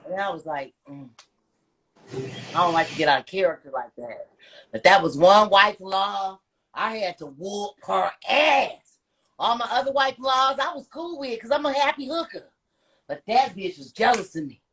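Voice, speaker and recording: A woman talking in a brash, profane, lively way, chatting loosely as a podcast guest. Her voice sits at an ordinary middle pitch, neither high nor low. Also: normal speed, breathy edge. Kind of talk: casual storytelling chat.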